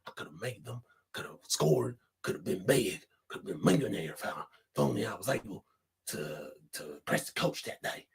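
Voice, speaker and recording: A man doing a low, mumbling washed-up has-been. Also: animated, moderate pace, gravelly, slightly rough, exaggerated voice. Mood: wistful. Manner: wistful, rambling regrets. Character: washed-up middle-aged man stuck on his glory days.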